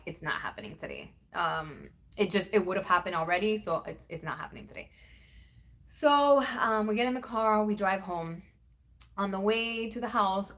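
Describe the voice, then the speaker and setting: A bright-voiced woman vlogger tells a story in a casual chat. She gets animated, acting out quotes with big jumps in pitch.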